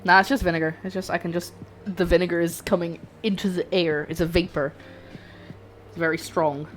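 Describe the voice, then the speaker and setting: A woman's voice: fairly low pitch, little pitch movement, a little fast, a little hiss or hum. A young woman streaming herself cooking, chatting and rambling to her viewers while she works in her home kitchen. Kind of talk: live-stream cooking chat. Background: faint background music.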